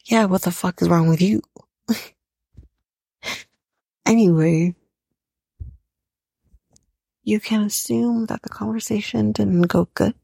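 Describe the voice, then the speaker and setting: A woman's voice: mid-range voice, takes it slowly, creaky, long pauses, mellow, husky, dry recording. A young woman hosting a podcast, recapping a reality show in a profane, opinionated rant. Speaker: podcast host.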